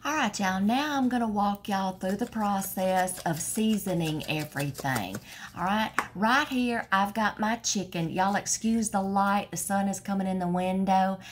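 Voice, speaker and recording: A woman's voice: mid-range voice, a little slow, slight background noise. A middle-aged woman, chatting folksily through a home cooking tutorial in her kitchen, always saying "y'all" and "okay".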